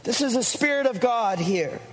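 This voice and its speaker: A man's voice: very high voice, animated, normal speed, a little hiss or hum. A male pastor preaching a fervent sermon to his church, repeating lines and calling out to the congregation. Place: church sanctuary. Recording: long church reverb.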